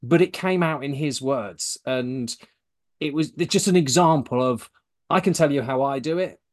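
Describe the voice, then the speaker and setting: A man's voice: mid-range voice, normal speed. A man, a sales trainer, chatting casually and acting out phone calls as he tells a story. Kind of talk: casual podcast chat.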